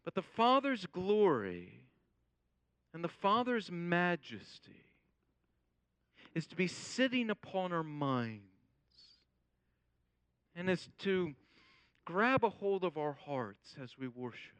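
A man preaching a sermon as pastor, in a measured way and quoting scripture. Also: high-pitched, very animated, a bit bright, smooth, no room sound.

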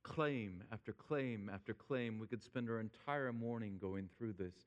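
Male pastor mid-sermon, deliberate and unhurried delivery, long hall reverb. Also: fairly low pitch, lo-fi sound. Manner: emphatic preaching, slows down on quoted scripture.

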